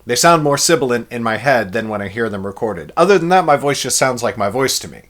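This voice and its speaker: A man's voice: mid-range voice, big pitch swings, fast talker, a bit bright. Chatty male author reading his novel. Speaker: author and live streamer. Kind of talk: reading his own novel aloud and chatting on a live stream.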